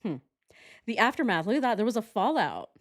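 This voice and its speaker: A woman's voice: a little high, sing-song, fairly quick. A woman hosting a true-crime commentary channel who talks in a chatty, sarcastic way and often laughs. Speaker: channel host.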